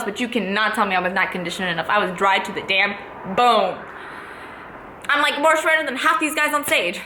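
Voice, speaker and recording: A young woman tells a personal story straight to camera with a bright, forceful voice. She is candid and blunt, swearing and filling pauses with "like" and "you know". The room rings with echo and a faint hum sits behind her. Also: medium pitch. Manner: candid and fired up, swears freely, many fillers. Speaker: fitness competitor. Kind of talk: casual storytime monologue. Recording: echoey room with faint ambience.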